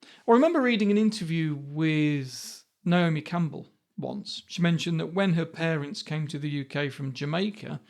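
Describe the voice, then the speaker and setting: A man's voice: on the high side, gravelly. A man in his fifties, hosting a podcast monologue in a conversational way with many rhetorical questions. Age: 50s. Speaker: podcast host.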